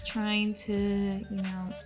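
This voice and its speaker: A woman's voice: medium pitch, level tone, extremely slow, music in the background. A young adult woman, a singer, chatting expressively as an interview guest, with many fillers. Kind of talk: casual video-call interview.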